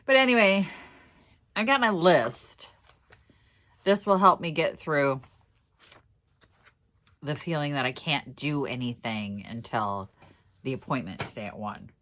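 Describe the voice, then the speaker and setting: A woman's voice: very deep voice, animated, a little slow, long pauses, fairly bright tone. A middle-aged woman from Minnesota talking casually to her vlog viewers, emotional and tearful, laughing through it. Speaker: vlogger.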